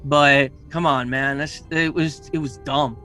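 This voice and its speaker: Bright-voiced casual podcast host. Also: male voice, mid-range voice, steady tone, unhurried, soft background music. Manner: easygoing, emphatic, lots of filler words.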